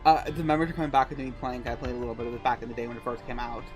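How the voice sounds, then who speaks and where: A man's voice: medium pitch, very fast, music in the background. A man hosting a game stream, chatting casually with friends and teasing them between bursts of laughter. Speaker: streamer host. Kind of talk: casual chat while playing.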